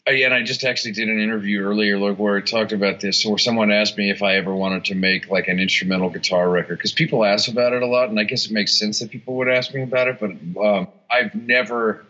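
A man's voice: lowish voice, steady tone, fast, hardly any pauses, bright, forceful tone. A man in a casual interview, rambling with lots of restarts, fillers and swearing. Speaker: guitarist and songwriter, interview guest. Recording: dull lo-fi sound.

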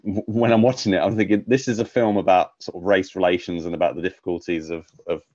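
A man's voice: low voice, steady tone, quick pace, a little mellow, dry recording, lo-fi sound. A British man co-hosting a podcast, chatting casually about films in a rambling way, with lots of fillers and restarts. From United Kingdom. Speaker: podcast co-host. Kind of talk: casual film review chat.

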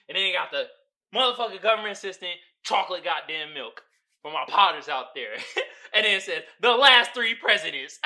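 A man hosting a podcast, riffing on memes in casual comedic commentary. He swears freely, laughs often and swings between loud whoops and low mutters. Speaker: podcast host.

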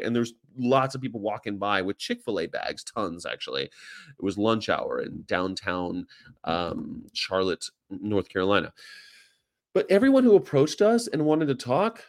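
A vegan activist in Charlotte, North Carolina chats casually and animatedly, swearing and doing funny impressions of people. His fairly low voice has a sing-song lilt and a normal speed, recorded at studio quality with no echo.

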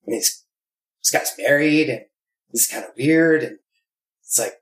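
A man's voice: medium pitch, fairly quick. A man talking candidly and animatedly, acting out quoted voices as he tells stories. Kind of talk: candid conversation. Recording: roomy echo.

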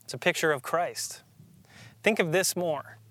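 A pastor delivers a sermon in a man's voice that's a little high and sharp-toned, earnest and emphatic, slowing down to stress key phrases. There's no echo.

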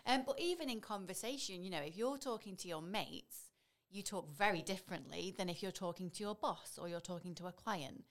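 A woman in her thirties speaks with a Staffordshire accent from the Stoke area. She talks quickly in a fairly low register, chatty and loose, sprinkling in "you know" as she goes. She is a voiceover artist being interviewed. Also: animated. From Stoke-on-Trent area, England. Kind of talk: casual conversational interview.

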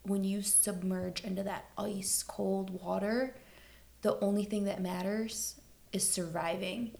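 A woman's voice: mid-range voice, steady tone, measured pace, creaky, a little mellow. A woman in casual chat, talking enthusiastically about a book.

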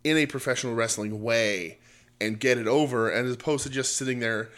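A man's voice: mid-range voice, brisk, a bit bright. Guy rambling through a wrestling podcast, loose and casual, tons of fillers. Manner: rambling, many fillers and restarts. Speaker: podcast co-host.

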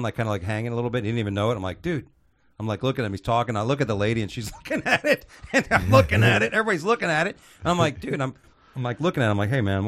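Fast-talking man telling a rambling story. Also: lowish voice. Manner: rambling storyteller, profane, acts out quotes. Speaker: podcast co-host. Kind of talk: casual comedy podcast chat.

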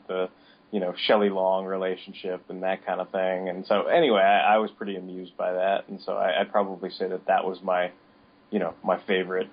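A man co-hosting a podcast, chatting casually in a rambling way with many restarts. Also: sits low. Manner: rambling, full of restarts and fillers. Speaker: podcast co-host. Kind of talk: casual chat. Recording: dull lo-fi audio.

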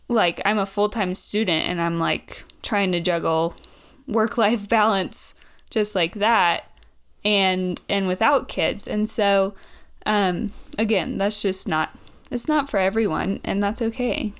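A woman's voice: mid-range voice, slow pace, a bit bright, clear, resonant tone. A young woman in her twenties co-hosting a casual chat podcast, chatty and laughing often as she tells stories. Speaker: podcast co-host.

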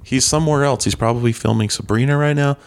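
A man's voice: medium pitch, quick pace. A man co-hosting a comedy podcast, joking around and setting up goofy bits.

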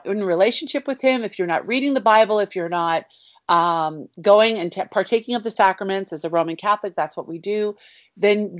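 A middle-aged woman talking as a guest author about her faith, earnest and heartfelt, often saying "you know". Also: mid-range voice. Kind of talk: faith conversation. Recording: dry, slightly dull sound.

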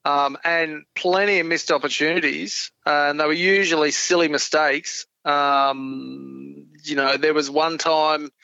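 A man's voice: fairly high pitch, fairly even intonation, measured pace, vocal fry, pushed and bright, smooth, dry recording. A man, a podcast guest telling easygoing, self-deprecating stories in casual chat. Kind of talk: casual chat about hunting. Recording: dull lo-fi dry sound.

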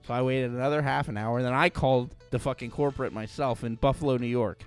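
A man co-hosting a podcast, telling stories in a profane, animated way in casual chat. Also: medium pitch, quick pace, clean tone, faint music behind. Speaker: podcast co-host.

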